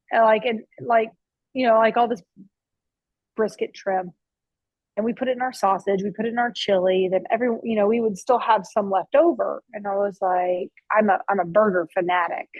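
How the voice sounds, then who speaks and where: She has a mid-range, darkish voice with fairly even intonation and a moderate pace. As owner and chef of a barbecue restaurant, she tells stories in a casual interview there, chatty, with many restarts, fillers, and an occasional swear. The audio is poor but free of echo.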